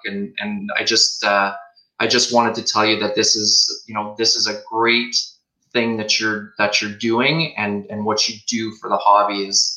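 A male guest with a very bright, sharp voice. He speaks earnestly, in casual chat with frequent fillers. His voice carries the echo of a roomy space. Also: lowish voice. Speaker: guest collector.

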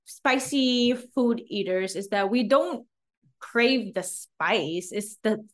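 A young woman from Macau, co-hosting a podcast in casual, animated chat, often laughing and imitating words. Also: medium pitch, takes it slowly. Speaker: podcast co-host.

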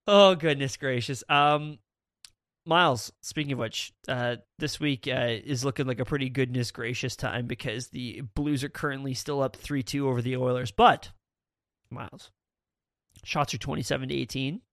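A man's voice: medium pitch, fairly even intonation, moderate pace, fairly bright tone, dry recording, clean studio sound. A man from Canada co-hosting a casual podcast, rambling, laughing a lot and swearing casually. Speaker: podcast co-host.

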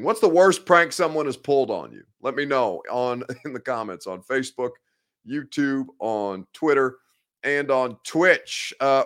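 A man's voice: mid-range voice, fairly bright tone. A man in his late twenties hosting a sports talk show from his office, chatting casually and bluntly with viewers. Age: 20s. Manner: blunt, candid, rambling. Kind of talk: casual live show chat, reading viewer comments.

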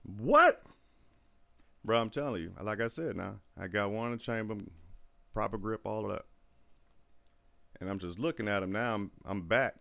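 A man telling a profane, animated story in casual chat, acting out the people he quotes. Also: fairly low pitch, a little fast, creaky.

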